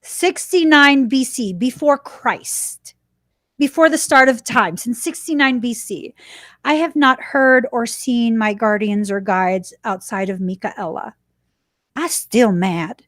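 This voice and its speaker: Chatty woman host, bright higher voice. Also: slow pace, no room sound, studio quality. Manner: animated, chatty, laughs while telling. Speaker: podcast host. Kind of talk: casual personal storytelling.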